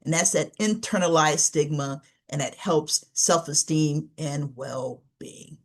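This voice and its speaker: A woman's voice: low voice, slow. A woman giving a live webinar training, talking in a conversational teaching manner and often checking in with "right?" asides. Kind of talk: live online training presentation.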